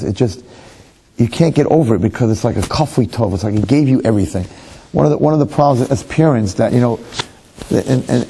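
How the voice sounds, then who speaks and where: A man's voice: medium pitch, mellow, slightly rough. A man, a rabbi giving a lecture, telling a story animatedly with rhetorical questions and self-mocking humor.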